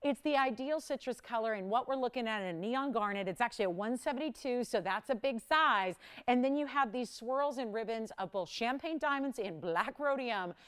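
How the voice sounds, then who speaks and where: A woman with a fairly high, smooth and resonant voice runs a live jewelry sale on television. She keeps up a brisk, upbeat sales patter, talking straight to viewers. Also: fairly bright tone. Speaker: shopping channel host.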